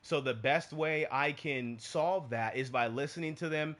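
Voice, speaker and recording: A man's voice: on the high side, measured pace, fairly bright tone. A man co-hosting a casual live-streamed talk show, earnest and given to repeating his points for emphasis. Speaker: podcast co-host.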